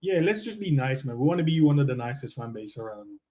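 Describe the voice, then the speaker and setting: A man chatting casually about football, relaxed and slangy, often trailing off mid-thought. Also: mid-range voice, fast. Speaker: football podcast co-host.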